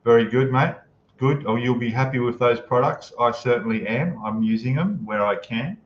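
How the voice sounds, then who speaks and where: A man's voice: mid-range voice, normal speed, reverberant. Male live-stream host, laid-back chatter, dull lo-fi sound with faint noise. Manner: relaxed, chatty, reads out viewer comments and greets them. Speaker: livestream host. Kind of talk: casual live-stream chat. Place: home room, in Thailand.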